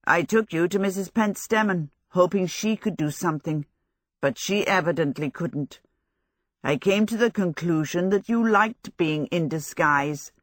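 A woman voicing a vain, glib young male wizard who talks quickly and breezily in a storybook reading. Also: fairly low pitch, no room sound, clean studio sound. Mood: breezy.

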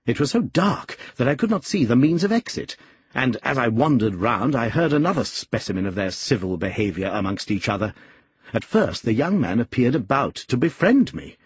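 A man reading a classic novel aloud, expressive and measured. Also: medium pitch, breathy edge, no echo. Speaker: audiobook reader. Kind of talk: scripted novel narration.

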